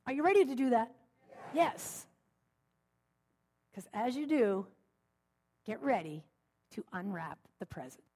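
A middle-aged woman minister giving a sermon, telling stories with gentle humor. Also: fairly high pitch, sing-song, unhurried, pauses often, breathy edge. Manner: warm storytelling with gentle humor.

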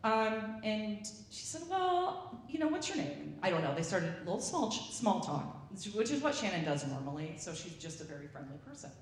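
A woman's voice: on the low side, a little fast, hardly any pauses, slight background noise. A woman sharing a rambling anecdote with a gathering, acting out the voices of the people in it. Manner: rambling, animated, acts out the voices she quotes. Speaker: speaker sharing a story at a gathering. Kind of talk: casual anecdotal storytelling. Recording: echoey room from a distance.

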